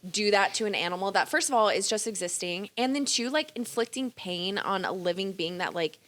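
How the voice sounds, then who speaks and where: Animated, bright-voiced woman podcaster. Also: medium pitch, a little fast. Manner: animated, swears freely, acts out stories in voices. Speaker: podcast co-host. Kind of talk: casual chat.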